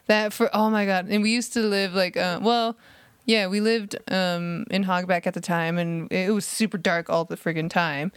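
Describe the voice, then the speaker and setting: A woman co-hosting a casual podcast, relaxed, laughing often and talking with many fillers. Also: fairly low pitch, normal speed, clean tone, no echo. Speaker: podcast co-host. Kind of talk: casual chat.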